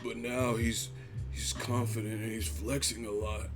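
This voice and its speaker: A man hosting a boxing live stream, reading chat comments and mocking them in a casual, profane, animated way. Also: on the low side, measured pace, music in the background.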